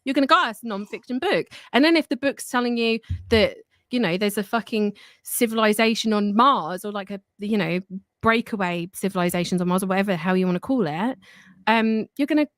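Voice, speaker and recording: A woman's voice: medium pitch, a little fast, dry recording, studio quality. A woman with an English accent, chatting casually as a podcast guest, full of fillers and restarts.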